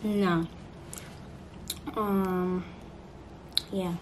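An eighteen-year-old woman chats playfully to her viewers at home, her voice sitting in the middle of the range. A steady hiss of background noise runs under the recording. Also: medium pitch, normal speed, pauses often. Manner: chatty, playful, talks straight to viewers. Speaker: vlogger. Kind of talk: casual chat to camera.

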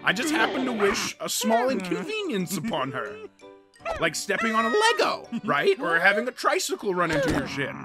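A woman voicing an excitable, dramatic male cartoon pencil character, rambling and bursting into shouts over background music. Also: medium pitch, moderate pace. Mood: frantic. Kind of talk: animated cartoon reaction commentary.

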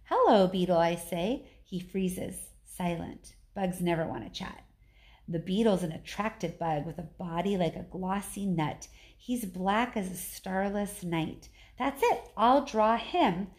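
A woman, a teacher, reading a children's novel aloud in steady first-person narration with small slips and restarts. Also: on the low side, measured pace.

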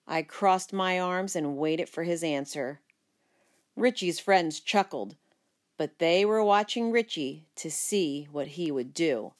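A woman with a slightly low voice reads a children's storybook aloud. She narrates in the first person with playful, expressive emphasis. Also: slow pace. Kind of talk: children's book read-aloud.

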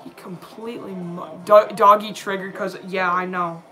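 Young man, live sports reactor, excitable, bright voice, home stream. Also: sits high, normal speed. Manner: excitable, yells at the game, then apologizes. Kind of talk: live reaction to a basketball game. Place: home room, dog nearby.

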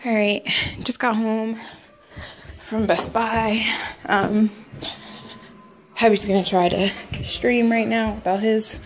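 A woman's voice: a little high, level tone, slow pace, long pauses, noisy background. A woman chatting casually for a home vlog, laughing often. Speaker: vlogger. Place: family home.

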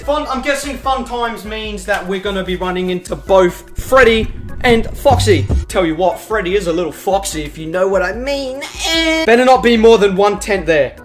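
A young adult, doing let's play commentary and trash-talking the game in crude, excitable bursts. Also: medium pitch, moderate pace. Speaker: gaming channel host. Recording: game music playing loudly behind.

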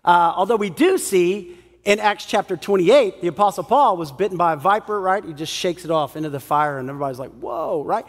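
A man's voice: sits high, fairly quick, big-room sound. A man preaching a sermon as pastor, acting out the people in the story as he talks. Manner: animated, acts out the people in the story. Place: church hall.

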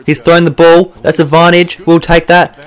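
A man's voice: on the high side, moderate pace, clean tone. A young Australian man commentating his own football video game as he plays, swearing and getting worked up. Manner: swearing, excitable, bursts of frustration. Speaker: gaming YouTuber. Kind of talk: let's play commentary.

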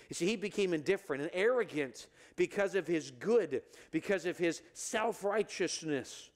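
A male pastor preaching in a church, his voice pitched high for a man and swinging widely up and down. He acts out the quoted lines and keeps the sermon lively. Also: normal speed. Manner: animated, acts out the brothers' lines with rising pitch. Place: church sanctuary.

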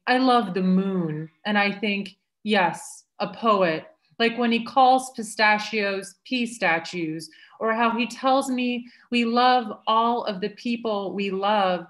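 A woman reading her own poetry aloud over a video call, slow and measured. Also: mid-range voice. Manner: slow, measured reading with lively acted quotes.

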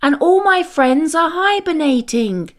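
A woman voicing a tiny, brave young male bee in a children's storybook, high, eager and pleading. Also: animated, a little slow. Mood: desperate.

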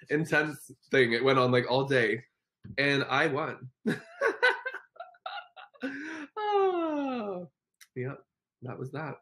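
Young home livestream host: warm-hearted chatter, constant giggles, mid-pitched voice that swings widely. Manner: giggly and effusive, laughs often; coos in baby talk to a dog. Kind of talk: casual livestream chat reading viewer comments.

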